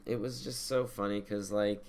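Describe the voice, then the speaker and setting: A man's voice: lowish voice, steady tone, normal speed, darkish tone, smooth. A young man co-hosting a casual podcast, ranting profanely and getting worked up as he talks. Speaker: podcast co-host. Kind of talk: casual chat.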